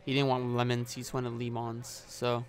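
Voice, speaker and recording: A man's voice: medium pitch, completely flat delivery, moderate pace, a little hiss or hum. Man, casual gameplay commentary, rambling, lots of uhs, headset mic, faint gunfire behind. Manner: rambling, many filler uhs, swearing at the game. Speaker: gaming YouTuber. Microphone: gaming headset.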